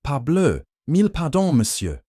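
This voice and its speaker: A man voicing a cool, sharp-witted male detective who speaks in a cold, clipped, precise way. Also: low-pitched, normal speed, dry recording, clean studio sound, close to an everyday voice. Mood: pompous French.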